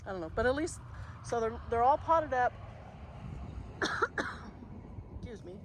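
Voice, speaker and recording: A woman's voice: fairly high pitch, lively intonation, measured pace. Chatty woman gardening outdoors. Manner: chatty, thinking aloud, soft-spoken asides. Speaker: gardening vlogger. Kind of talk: casual narration while working. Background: passing traffic.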